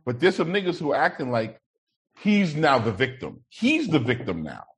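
A man's voice: a little high, huge pitch swings, moderate pace, soft background music. A man hosting a podcast in casual, profane chat, moving the conversation along between topics. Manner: steers the topics, swears casually, mimics other people's talk. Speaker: podcast host.

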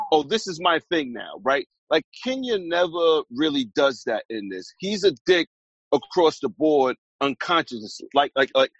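A man's voice: medium pitch, a bit bright, no room sound, lo-fi sound. A man co-hosting a casual chat, talking through his views on a TV series with plenty of hedges and restarts. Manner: thoughtful, hedging, many restarts. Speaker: podcast co-host.

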